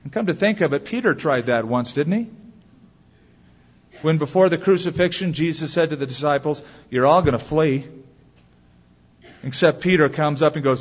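A man's voice: a little high, moderate pace, husky. Man preaching a sermon in a reverberant hall. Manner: storytelling, acts out quotes with lively shifts. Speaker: pastor. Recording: dull sound with long hall reverb.

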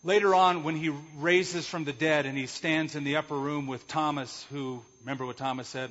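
A man's voice: medium pitch, normal speed, fairly bright tone. A male pastor preaching an emphatic sermon, explaining Greek words and posing rhetorical questions. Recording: echoey hall, dull lo-fi sound.

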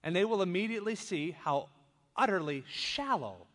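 A male pastor with a somewhat high voice preaches through a passage, swinging between solemn scripture reading and quick, chatty commentary. His voice carries a long, echoing reverb, as in a large church sanctuary. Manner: reads scripture, then breaks into lively conversational asides. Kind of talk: expository sermon.

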